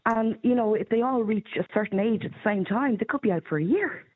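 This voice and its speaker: An Irish woman giving blunt, opinionated views in casual radio chat, quick to laugh. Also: on the high side, lively intonation, husky, narrow, tinny audio. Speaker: radio panelist.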